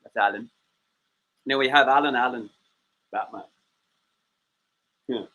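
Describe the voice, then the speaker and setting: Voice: medium pitch, unhurried, pushed and bright, muffled recording. A livestream host chatting casually, rambling and joking at their own expense. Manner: rambling, jokey, self-mocking.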